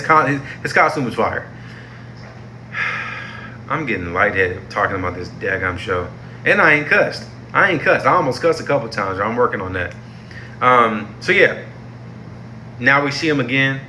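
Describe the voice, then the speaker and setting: A man's voice: medium pitch, pushed and bright, slight background noise. A young man giving a casual, heated review of a TV show, slangy and exasperated, repeating himself for emphasis.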